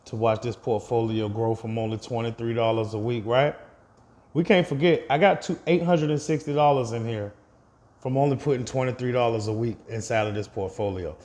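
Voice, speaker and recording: A man's voice: mid-range voice, steady tone, fairly quick, a little mellow. Chatty man giving a casual portfolio update. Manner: chatty, addresses viewers directly, laughs at own slips. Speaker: investing vlogger.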